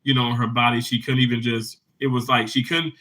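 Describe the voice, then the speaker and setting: A man's voice: medium pitch, a little fast, poor audio. A man hosting a casual livestream, telling a heartfelt story with many restarts and then cheerfully greeting viewers in the comments. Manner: lively and upbeat greeting viewers.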